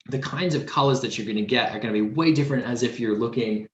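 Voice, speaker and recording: A man with a softened city Australian accent, a guest art instructor answering live questions with meandering, thoughtful explanations full of fillers. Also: mid-range voice, fast, roomy sound, highs cut off, a little hiss or hum. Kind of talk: live painting demo Q&A.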